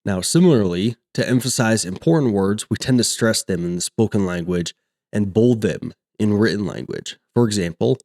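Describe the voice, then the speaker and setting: A man explaining a coding topic step by step, reading example sentences aloud in a steady teaching manner. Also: lowish voice, moderate pace. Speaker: coding tutor. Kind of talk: screen-recorded coding lesson.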